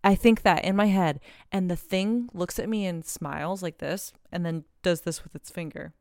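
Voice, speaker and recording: A woman co-hosting a podcast over a video call, telling a story in a casual, animated way with lots of fillers and some swearing. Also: lowish voice, normal speed, dry recording, clean studio sound. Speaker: podcast co-host.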